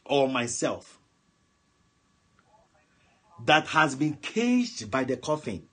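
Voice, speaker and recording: A man preaching on a prayer line, swinging from soft murmurs to shouted commands and speaking in tongues. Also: mid-range voice, big pitch swings, very slow, breathy edge, faint music behind. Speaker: pastor. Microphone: phone line broadcast.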